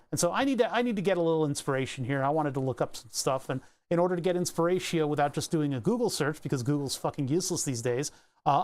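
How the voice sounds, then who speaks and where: A man's voice: on the high side, a little mellow. A man streaming live and chatting casually, reading excerpts aloud and musing over them, with the odd swear. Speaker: livestreamer.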